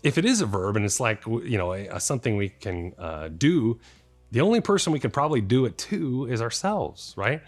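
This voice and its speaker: A man's voice: mid-range voice, sing-song, brisk, faint music behind. A man who works as a police officer, explaining his work to the camera in a plain-spoken, conversational way with a light joking touch.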